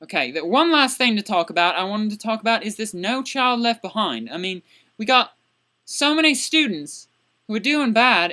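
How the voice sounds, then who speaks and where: A woman's voice: mid-range voice, pushed and bright. A woman playing a crude, indignant young man who rants exasperatedly in a comedic character vlog.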